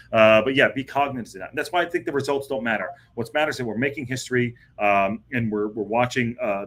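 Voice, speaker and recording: A man's voice: medium pitch, fairly bright tone, husky. A man hosting a live football podcast, chatting casually and rambling with lots of fillers and restarts. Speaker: podcast host. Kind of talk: casual live-stream chat.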